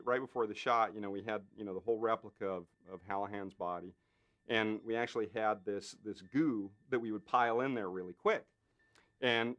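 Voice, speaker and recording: A man, a special effects artist, telling a behind-the-scenes story in an interview. He talks in an animated way, full of fillers, and acts out other people's lines. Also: fairly low pitch.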